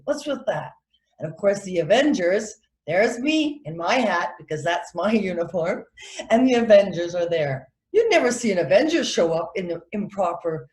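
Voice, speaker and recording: A middle-aged woman teaches manners to kids and their parents. Her pitch swings up and down a lot, and she often acts out other people's voices. The sound has a noticeable room echo. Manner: animated, acts out quoted voices. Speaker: etiquette instructor. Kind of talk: friendly teaching talk to children and parents.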